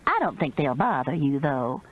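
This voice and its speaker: A woman voicing an older profane grandmother who talks in a shrill, screeching way in a storybook reading. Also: big pitch swings, moderate pace, phone-quality sound. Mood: bossy. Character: older profane Southern trailer-park grandmother.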